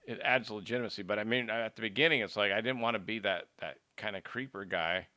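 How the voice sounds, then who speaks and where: A low-voiced man hosts a casual podcast, talking quickly with a bright edge. He stumbles through restarts and chimes in with short affirmations, recorded close and dry. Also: no room sound. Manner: brief affirmations, halting restarts. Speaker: podcast host. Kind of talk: casual interview chat.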